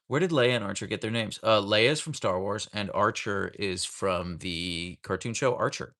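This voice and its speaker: Reading his chat aloud and greeting each viewer by name, an American livestream host broadcasts casually from home while it rains. His fairly low, fairly bright voice runs at a moderate pace with hardly any pauses, picked up by a camera on a tripod.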